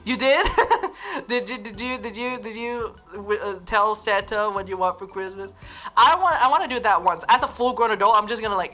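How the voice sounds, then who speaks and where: A woman's voice: mid-range voice, lively intonation, moderate pace, fairly bright tone, faint music behind. A young woman from Northern Ireland with a Northern Irish accent, chatting casually on a livestream and reading viewer comments, giggly and rambling with lots of restarts. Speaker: livestream host.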